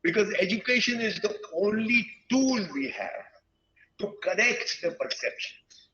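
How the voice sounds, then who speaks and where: A man in his sixties from India, giving an earnest, reflective lecture to teachers and pausing often mid-sentence. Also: high-pitched, very animated, pushed and bright, lo-fi sound. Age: 60s. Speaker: guest speaker at a teachers' webinar. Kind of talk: lecture-style talk.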